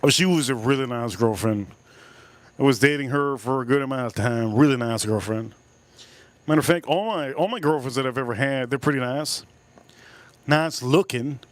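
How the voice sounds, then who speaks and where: A man's voice: mid-range voice, normal speed, no echo. Crude rambling man telling a story. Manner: crude, rambling, repeats himself for effect. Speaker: livestream host. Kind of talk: casual livestream storytelling.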